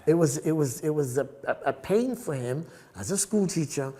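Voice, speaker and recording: Animated older man telling stories. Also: a little high, moderate pace. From South Africa. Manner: animated, acts out other people's voices, laughs often. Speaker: guest photographer. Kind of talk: storytelling podcast interview.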